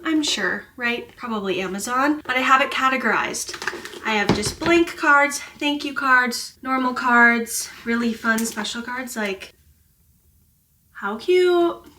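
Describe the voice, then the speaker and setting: A gushing American woman talking straight to her viewers from home in a casual vlog. Her voice is bright and sits a little high, full of excitable "like"s. A faint hiss of noise lies under it. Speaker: vlogger.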